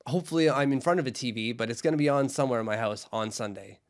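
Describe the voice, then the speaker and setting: A young man co-hosts a casual hockey podcast, chatting enthusiastically and often repeating himself. His mid-range voice comes out rapid-fire.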